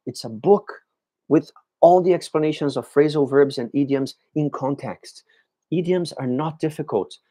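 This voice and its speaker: A man teaching an English class live, answering viewers' questions by name and sounding words out slowly. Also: a little high, dark tone. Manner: models pronunciation of words slowly. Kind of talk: live-streamed language lesson.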